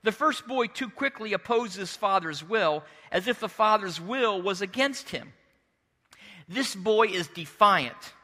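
A middle-aged male pastor preaching a sermon as an expressive storyteller who slips into character voices. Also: high-pitched, unhurried, big-room sound.

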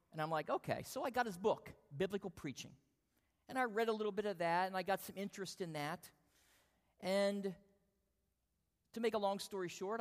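A man preaching a sermon, telling a lively self-deprecating personal story before drawing the lesson. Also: sits high. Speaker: pastor. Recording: long hall reverb.

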